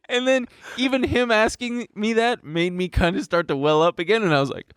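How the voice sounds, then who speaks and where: A man's voice: high voice, steady tone, unhurried, long pauses, fairly bright tone, clear, resonant tone, no echo, clean studio sound. A young man co-hosting a podcast, telling a long personal story in a rambling, self-deprecating way and laughing between lines. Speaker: podcast co-host. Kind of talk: casual storytelling chat.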